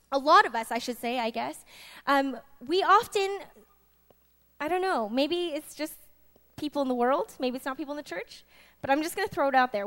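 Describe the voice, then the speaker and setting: A woman in her twenties preaching a sermon, chatty and lively, moving from soft asides to loud, laughing bursts. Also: high voice. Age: 20s. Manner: chatty, with many restarts and fillers.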